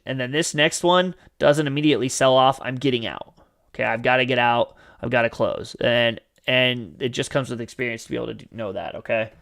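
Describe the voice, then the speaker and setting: A man's voice: medium pitch, smooth. A man hosting a live question-and-answer stream, explaining trading in a chatty way with many fillers, sometimes acting out a panicking trader. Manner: chatty, frequent fillers and "you guys", acts out panicked traders. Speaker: livestream host teaching trading. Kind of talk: casual live Q&A teaching.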